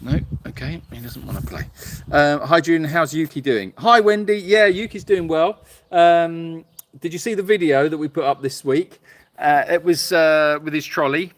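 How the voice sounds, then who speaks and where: Hot and tired, a man with a voice on the high side hosts a casual live stream from an animal sanctuary on his phone, which he holds as the microphone. He rambles and halts, using many fillers as he answers viewers.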